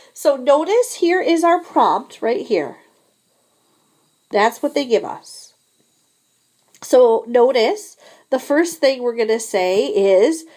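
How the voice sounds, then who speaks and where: Slow, careful woman French teacher. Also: high-pitched, darkish tone. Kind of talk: classroom language lesson.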